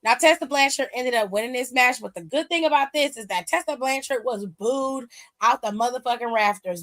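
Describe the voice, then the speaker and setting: Woman, sassy and blunt, casual recap host, slightly high voice. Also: normal speed, fairly bright tone. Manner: sassy, blunt, salty slang. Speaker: wrestling aftershow host.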